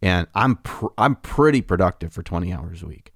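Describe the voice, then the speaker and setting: Male podcast co-host, deep voice, rambling and prone to laughter, dry studio sound. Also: animated, normal speed, a bit bright, no echo. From United States. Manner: rambling, restarts often, laughs easily. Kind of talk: casual podcast chat.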